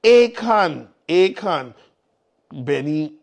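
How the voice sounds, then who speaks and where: A man's voice: fairly high pitch, lively intonation, very slow, creaky. A man hosting a live morning show in casual chat, upbeat and fond of repeating his calls to the audience. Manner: upbeat, repetitive exhortations to the audience.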